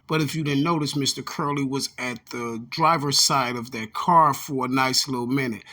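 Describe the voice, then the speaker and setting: A man's voice: medium pitch, steady tone, moderate pace, bright, forceful tone. A man giving casual commentary over video clips, talking straight to his viewers with lots of fillers. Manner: conversational, addresses viewers as y'all, many fillers. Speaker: commentator on a true-crime video.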